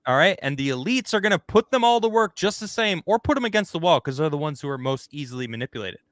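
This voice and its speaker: Guy hosting a podcast, bright tense voice, dry close mic, kinda rambly and animated. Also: a little high, quick pace, dry recording. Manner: animated, rambling, acts out quoted people. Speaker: host. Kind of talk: casual podcast chat.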